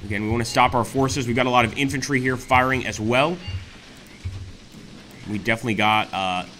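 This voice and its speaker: A man hosting a let's play, commenting excitedly on a strategy war game and often exclaiming to his viewers. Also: mid-range voice, a little fast, faint music behind. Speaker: gaming channel host.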